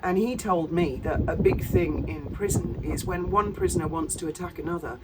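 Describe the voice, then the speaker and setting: A woman's voice: lowish voice, normal speed, distant mic, heavy background noise. A middle-aged woman, giving a sarcastic, profane commentary with laughing asides. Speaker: commentary channel host. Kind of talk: casual commentary.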